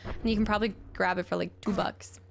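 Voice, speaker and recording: A woman streaming a video game, chatting and reacting excitedly as she plays. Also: mid-range voice, quick pace, gravelly, background noise. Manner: chatty, excitable, jumps between chat and gameplay. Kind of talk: live-stream chat while playing.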